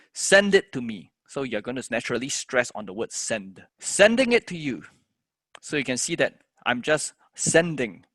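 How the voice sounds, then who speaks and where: A man's voice: medium pitch, fairly bright tone, no echo. A man teaching a music composition lesson, explaining step by step and chanting the words of a poem in rhythm.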